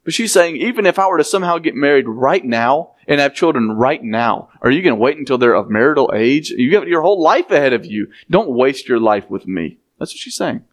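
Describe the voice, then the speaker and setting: A man's voice: mid-range voice, animated, brisk, hardly any pauses. A man, preaching a sermon as he reads scripture aloud and explains it, with conversational asides to the congregation.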